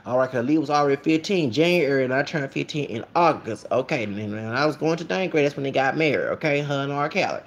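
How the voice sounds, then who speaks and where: A man's voice: mid-range voice, lively intonation, quick pace, vocal fry, hardly any pauses. A man, rambling in a casual vlog monologue and often asking "okay?". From Texas. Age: late 30s.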